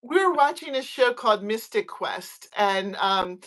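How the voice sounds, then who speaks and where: A woman's voice: mid-range voice, expressive, a little slow. Giggly woman rambling casually. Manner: giggly, rambling, trails off softly. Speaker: host of a crochet livestream. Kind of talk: casual live chat.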